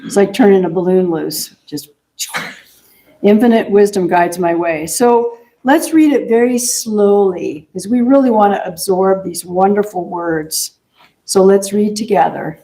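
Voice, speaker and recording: A woman minister giving a gentle, chatty sermon in a church and laughing often. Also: mid-range voice, a little slow. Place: church sanctuary.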